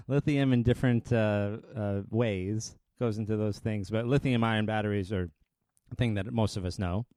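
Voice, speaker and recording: A man hosting a podcast interview, encouraging his guest with quick replies and follow-up questions. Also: on the low side, mellow. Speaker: podcast host.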